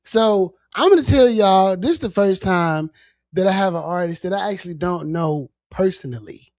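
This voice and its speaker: A man from Virginia hosting a casual livestream chat, animated and slangy, often repeating himself. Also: high voice, moderate pace, no room sound, clean studio sound. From Norfolk, Virginia. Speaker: show host.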